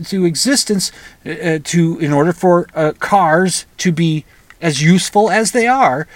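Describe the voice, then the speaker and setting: Rambling opinionated man, slightly high voice. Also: no echo. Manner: rambling, restarts often, opinionated. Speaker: podcast host. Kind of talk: casual monologue.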